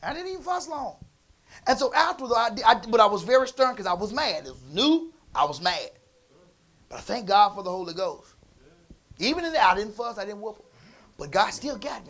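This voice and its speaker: Folksy preacher man telling a story. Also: sits high. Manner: conversational, folksy, swings between soft asides and emphatic bursts. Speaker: pastor. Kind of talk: storytelling sermon.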